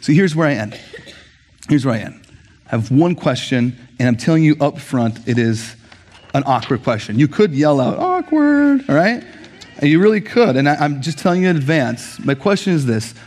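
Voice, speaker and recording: A pastor delivers a sermon in a brisk, mid-range voice, conversational and animated. He often checks in with the congregation through asides.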